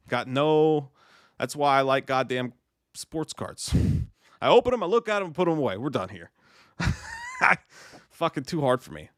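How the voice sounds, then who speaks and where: Profane, rambling live-stream host. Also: male voice, mid-range voice, dry recording, studio quality. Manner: profane, rambling, self-deprecating. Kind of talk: casual live-stream chat.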